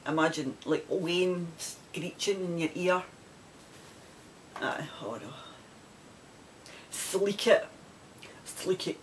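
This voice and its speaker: A woman's voice: deep voice, slight background noise. A woman from the west of Scotland with a Scottish accent, hosting a knitting podcast in a chatty, rambling way and laughing often. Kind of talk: casual chat.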